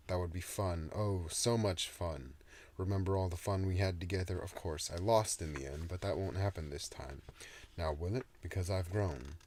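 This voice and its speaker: A man voicing an ancient male demon with a deep, soothing, mock-polite manner in an audiobook reading. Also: darkish tone.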